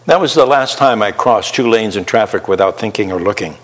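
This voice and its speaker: A man's voice: mid-range voice, fairly bright tone, long reverb tail. A man preaching a sermon, asking the listeners questions and acting out the voice of conscience. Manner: slow, rhetorical questions, acts out the inner voice. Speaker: pastor.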